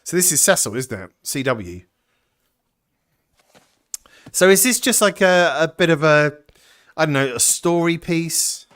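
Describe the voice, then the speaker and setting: A man hosting a VR puzzle game playthrough, chatting excitedly to viewers as he explores. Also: fairly high pitch, a little slow, long pauses. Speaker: gaming channel host.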